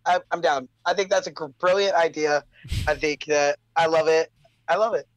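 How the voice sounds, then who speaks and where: A man's voice: a little high, fairly even intonation, normal speed, dry recording, low-quality recording. A man co-hosting a casual podcast chat, jokey and playful with crude humor.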